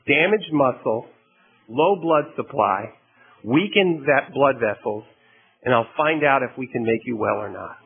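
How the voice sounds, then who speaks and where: A man voicing a gruff, impatient male surgeon who talks bluntly and clinically. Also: mid-range voice, expressive, a little slow. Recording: tinny phone-like radio broadcast.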